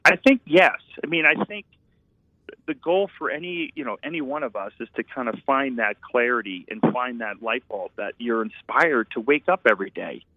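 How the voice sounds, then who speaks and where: A man's voice: medium pitch, lively intonation, moderate pace, dry recording. A man, once an architect and now a painter, tells his story earnestly, circling back and restarting his sentences. His mid-range voice comes through thin and tinny, like a phone call, with a dry close sound. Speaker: guest, painter and former architect. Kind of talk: reflective storytelling.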